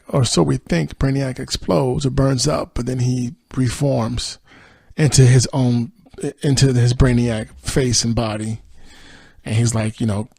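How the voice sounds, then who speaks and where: A man talks through a TV episode as a podcast host, chatty and loose, full of "you know"s. His voice is gravelly and a bit husky. The sound is dry and close. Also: medium pitch, a little mellow, dry recording. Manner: chatty, many fillers, quotes characters in his own voice. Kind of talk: casual episode recap.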